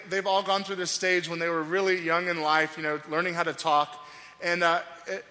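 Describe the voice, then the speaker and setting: A middle-aged man preaching a sermon as pastor, telling stories and acting out quoted voices. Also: sits high. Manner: animated storytelling, acts out quoted voices. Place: church sanctuary. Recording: long hall reverb with faint music.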